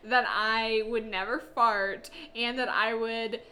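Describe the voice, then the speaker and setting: A young woman co-hosting a podcast in casual chat, playful and quick to laugh. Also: a little high, steady tone, sharp tone. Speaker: podcast co-host.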